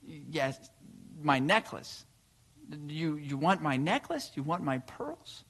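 A man voicing a young girl in a sermon story, with a small, quiet voice that jumps to high cries. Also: sing-song, takes it slowly, slightly rough, full character voice. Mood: pleading. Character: young girl, pleading then tearful.

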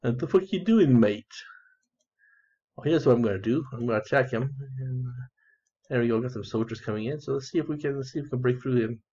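A man's voice: mid-range voice, fairly quick, dark tone, husky. A man casually talking through his online strategy game, rambling, repeating phrases, swearing and giggling as he goes. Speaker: gamer narrating his play. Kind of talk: casual gameplay commentary. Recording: dull lo-fi sound.

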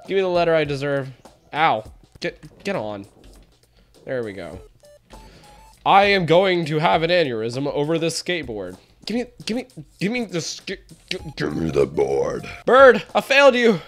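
A woman's voice: low voice, big pitch swings, moderate pace, faint music behind. Goofy woman narrating her gameplay. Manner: goofy, self-mocking, reacts loudly. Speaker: gaming video creator. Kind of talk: casual let's-play commentary. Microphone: headphones.

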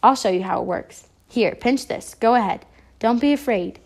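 A woman's voice: a little high, moderate pace, gravelly, darkish tone, breathy edge. A woman putting on a screechy old mad scientist. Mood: gloating. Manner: gloating, wheedling.

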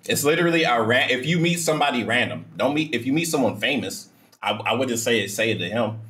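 A man's voice: medium pitch, expressive, fast, a bit bright. A man hosting a reaction video, rambling and joking in casual commentary. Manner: joking, rambling, breaks into laughs.

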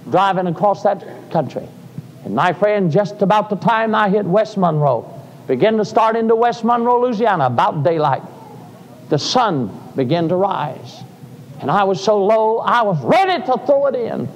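An older man, preaching a sermon in a folksy storytelling way that rises to fervent cries. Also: high-pitched. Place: church sanctuary. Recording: live sermon in a reverberant church.

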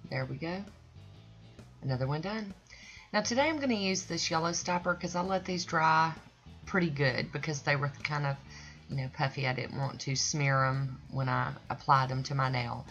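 Here a woman with a low voice speaks at a moderate pace, her tone a bit bright. It's a folksy, chatty voice-over for her own nail art channel's tutorial, and it rambles and now and then loses its way. Expect a dull lo-fi sound with faint music behind it.

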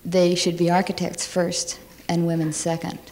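Lower-voiced woman speaking firmly. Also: completely flat delivery, normal speed, darkish tone, slight background noise. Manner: firm, emphatic statements. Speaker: architect and panelist. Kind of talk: panel discussion.

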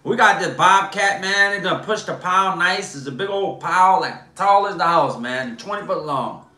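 A man, hosting a casual livestream and telling animated, slangy stories. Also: high-pitched, moderate pace. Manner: animated, slangy storyteller, lots of "bro" and "man". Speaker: host. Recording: echoey room.

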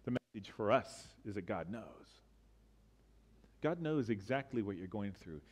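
A man preaching a sermon as a church pastor, earnest and repetitive, building to emphatic bursts and then dropping quiet. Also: on the low side, expressive, measured pace.

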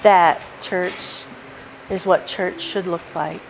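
A woman's voice: on the low side, steady tone, slow pace, gravelly, a little hiss or hum, poor audio. A woman preaching a sermon at a church service, emphatic and repeating her key points as she works through a numbered list. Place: church sanctuary.

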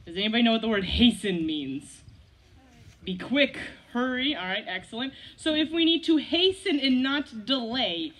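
Woman, children's story leader at an outdoor service, playful, slightly high voice. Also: expressive, normal speed, a bit bright. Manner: playful, laughing, coaching kids with questions. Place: outdoors by a gazebo.

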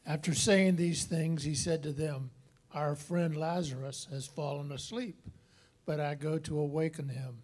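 Quiet man reading scripture aloud. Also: on the high side, fairly even intonation, measured pace. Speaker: scripture reader in the congregation.

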